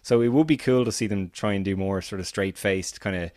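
A man's voice: lowish voice, no echo. Irish guy hosting a film podcast, fired up and opinionated, dry close mic. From Ireland. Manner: animated and opinionated, quick restarts. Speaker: podcast host. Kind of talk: casual film podcast chat.

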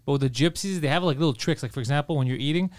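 A man's voice: a little high, no echo. A man from Canada co-hosting a podcast, talking bluntly and profanely in casual chat. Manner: blunt, profane, rapid-fire talk. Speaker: podcast co-host.

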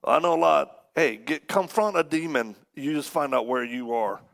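A man's voice: a little high, normal speed, vocal fry. A man preaching to a church congregation, telling a story with humor and acting out the people in it. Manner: animated, acts out the people in his stories. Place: church service before a congregation.

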